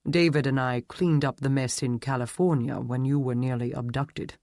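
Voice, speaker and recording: A male narrator voicing an ancient, all-knowing immortal leader who speaks calmly and matter-of-factly. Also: medium pitch, normal speed, no echo, studio quality, close to an everyday voice.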